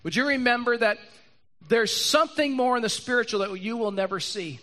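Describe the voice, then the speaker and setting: A man preaching a sermon to a room and an online audience, animated, acting out Bible characters and repeating lines for emphasis. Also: very high voice, fairly quick. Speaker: pastor. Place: church hall with live audience and online stream.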